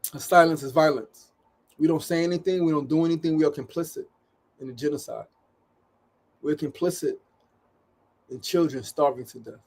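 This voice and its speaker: A man's voice: on the high side, moderate pace, pauses often, a little mellow. A man hosting a daily live show, talking in an urgent, pleading way to his viewers, swearing often and repeating phrases for emphasis. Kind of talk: impassioned livestream monologue. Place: studio.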